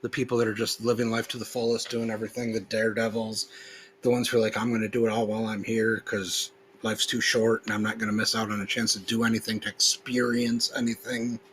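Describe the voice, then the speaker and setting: A man's voice: fairly low pitch, level tone, a bit bright, poor audio. Man podcasting over faint hiss. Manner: slow, emphatic recitation when reading; loose, conversational, with fillers when explaining. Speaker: podcast host. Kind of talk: reading a text aloud, then casual commentary.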